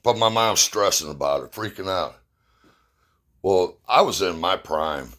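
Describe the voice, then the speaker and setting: A man's voice: low-pitched, expressive, unhurried, fairly bright tone. A middle-aged man casually telling rambling, profane, self-mocking stories and jokes to his viewers. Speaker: vlogger. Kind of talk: casual storytelling.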